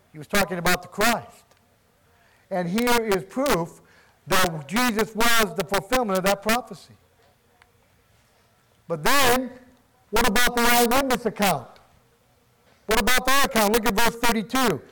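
Male preacher, high-pitched and emphatic, asking and answering questions, congregation noise behind. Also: low-quality recording. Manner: emphatic, asks and answers his own questions. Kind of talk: sermon.

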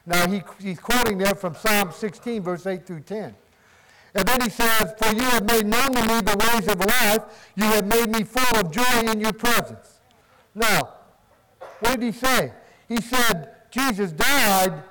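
Male preacher, high-pitched and emphatic, asking and answering questions, congregation noise behind. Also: low-quality recording. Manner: emphatic, asks and answers his own questions. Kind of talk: sermon.

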